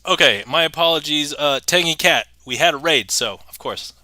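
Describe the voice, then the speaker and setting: A man's voice: on the high side, animated, normal speed, sharp tone, dry recording. A man hosting a casual livestream magic show, chatting, reading viewer messages aloud and chuckling often.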